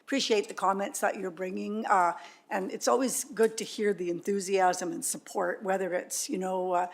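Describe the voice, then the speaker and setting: A woman councillor with a husky, gravelly voice moves a motion in a council meeting. She speaks appreciatively, pausing and restarting as she goes. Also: medium pitch, fairly even intonation. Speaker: county councillor.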